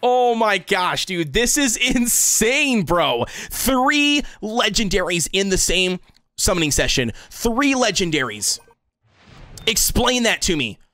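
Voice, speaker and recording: Young guy streamer freaking out over game pulls, pitch jumping all over, faint music behind. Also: very animated, slow, sharp tone, no room sound, clean studio sound. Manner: hyped, says dude and bro constantly. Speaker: gaming streamer. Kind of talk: excited livestream gacha reaction.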